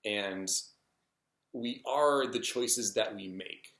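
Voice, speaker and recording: A man's voice: lowish voice, very slow, fairly bright tone. A man vlogging a personal story in a casual, hesitant way, full of ums and restarts. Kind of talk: rambling personal story to camera. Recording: echoey room.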